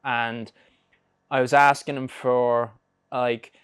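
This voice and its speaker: Smooth-voiced man, casual. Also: medium pitch, moderate pace. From Ireland. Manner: swears casually, rambling with many fillers. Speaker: guest. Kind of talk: casual chat.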